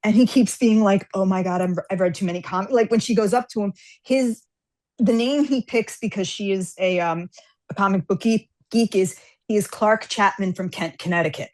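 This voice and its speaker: A woman guest author chatting casually on a podcast, telling stories with lively acted-out dialogue. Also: mid-range voice, normal speed. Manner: animated storyteller, acts out characters' lines.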